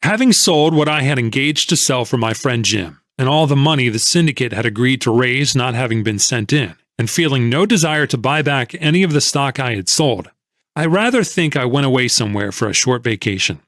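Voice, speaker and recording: A man's voice: mid-range voice, expressive, a little fast, fairly bright tone, no echo, clean studio sound. A man narrating an audiobook in the first person, telling the story expressively.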